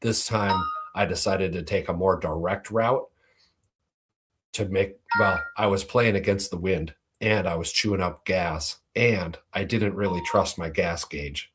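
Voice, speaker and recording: A man's voice: sits low, unhurried, background noise. A man hosting a show, telling a personal flying story in a laid-back, profane way. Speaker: host. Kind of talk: casual storytelling.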